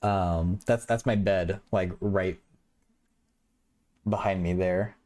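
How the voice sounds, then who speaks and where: Stammering young man, low dry voice. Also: fairly even intonation, takes it slowly, a little mellow, no echo. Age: young adult. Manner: stuttering, repeats words. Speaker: livestream host. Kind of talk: casual chat with viewers. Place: small apartment bedroom.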